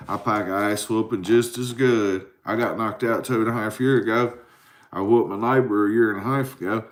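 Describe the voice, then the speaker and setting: A man's voice: fairly low pitch, fairly even intonation, normal speed. A man in his forties rambling and cussing on a late-night livestream, tired and answering viewers. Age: 40s. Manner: rambling, profane, drowsy. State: tired from a caffeine crash. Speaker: livestream host.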